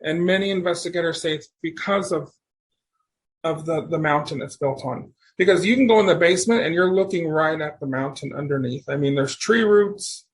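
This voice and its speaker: A podcast guest, a man with a notably high voice, tells stories in a loose, animated way. He wanders through his sentences, restarts them and trails off. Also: moderate pace. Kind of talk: casual storytelling conversation.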